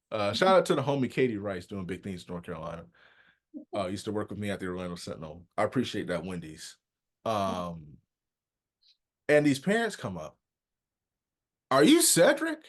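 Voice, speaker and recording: A man co-hosting a podcast, telling funny stories in a lively, animated way. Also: fairly low pitch. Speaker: podcast co-host. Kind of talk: casual chat, storytelling.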